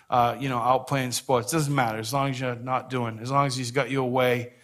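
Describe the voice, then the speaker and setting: A man gives a sermon as pastor, earnest and conversational, telling stories about himself with a self-deprecating touch. His voice is mid-range and a bit bright.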